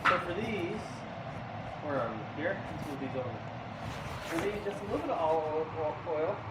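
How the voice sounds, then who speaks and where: Young guy from idaho rambling to his stream while he cooks, kinda high voice, echoey kitchen with the ac roaring. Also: animated, normal speed. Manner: chatty and rambling, lots of "like" and fillers. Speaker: cooking livestreamer. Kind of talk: casual live-stream chat while cooking. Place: home kitchen with loud air conditioner. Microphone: camera mic, moving near and far. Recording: echoey kitchen with appliance noise.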